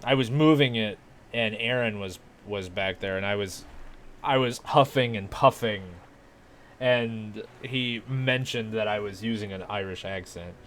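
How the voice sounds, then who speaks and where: A man's voice: lowish voice, unhurried, a bit bright, slight background noise. A man chatting casually while he streams a video game, rambling, swearing and mocking himself. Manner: rambling, profane, self-mocking. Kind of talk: casual livestream gaming chat.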